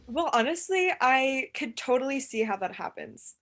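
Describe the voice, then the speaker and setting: A young woman talking as a podcast guest, casual and hesitant, with many pauses. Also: sits high, lively intonation, fairly bright tone. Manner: hesitant, lots of fillers and restarts. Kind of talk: casual chat.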